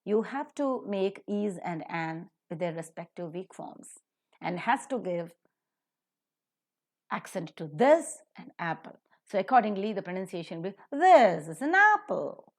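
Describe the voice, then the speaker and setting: A woman teaching pronunciation in a recorded lecture, slowing down to stress example sentences. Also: on the low side, lively intonation, darkish tone.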